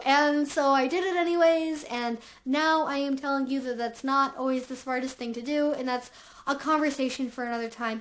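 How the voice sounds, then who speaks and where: A woman hosting her own channel, talking in a frank, chatty way with lots of casual fillers. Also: high-pitched. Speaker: channel host. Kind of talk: candid conversational vlog talk.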